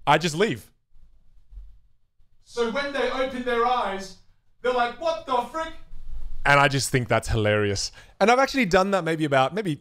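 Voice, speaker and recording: A man's voice: medium pitch, no echo, clean studio sound. A young man, a magic instructor, answering viewer questions on a live stream in a casual, chatty way and acting out the voices of spectators. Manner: chatty, animated, acts out voices of spectators and hecklers.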